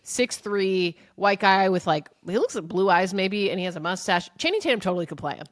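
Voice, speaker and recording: A young adult woman co-hosting a podcast, telling a story in an animated, chatty way. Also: medium pitch, a little fast, dry recording, clean studio sound. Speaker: podcast co-host. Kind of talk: casual chat.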